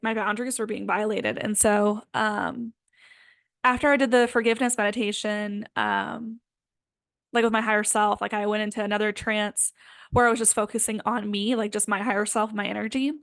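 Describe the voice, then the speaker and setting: A woman's voice: medium pitch, level tone, brisk, no room sound. Woman, twenties, casual spiritual talk, lots of fillers, dry sound. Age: 20s. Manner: earnest, filler-heavy with frequent "like" and "um". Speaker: spiritual healing coach.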